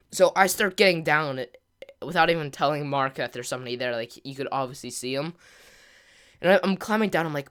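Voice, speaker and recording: A man hosting a gaming channel who tells a casual story over gameplay. He rambles, packs his talk with filler words and mild slang, and gets louder as the story builds. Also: on the high side, quick pace, smooth. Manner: grows louder and more excited as the story climaxes.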